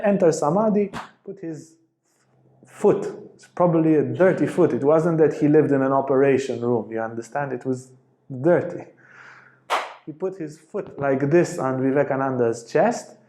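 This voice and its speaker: A man giving a spiritual talk as a teacher, telling a story in an animated way and acting out the quotes. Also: medium pitch, normal speed. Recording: echoey room.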